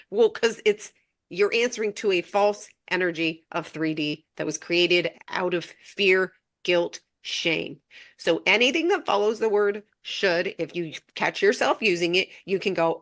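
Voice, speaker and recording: A woman's voice: medium pitch, expressive, unhurried, a bit bright. A woman co-hosting a podcast, talking bluntly and motivationally about spirituality and swearing casually. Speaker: podcast co-host.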